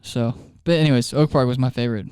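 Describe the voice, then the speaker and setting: Man, youth ministry co-host, casual podcast chat, smooth clear voice, dry close mic, laughs through his stories. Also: medium pitch, steady tone, fast talker, darkish tone, no echo. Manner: chatty storyteller, laughs often mid-sentence.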